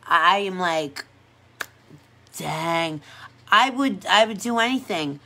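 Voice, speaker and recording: A woman's voice: fairly low pitch, animated, takes it slowly, gravelly, pauses often, sharp tone. Woman pedicurist just chatting on a livestream, blunt and playful, laughs a lot. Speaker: pedicure technician. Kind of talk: casual livestream chat.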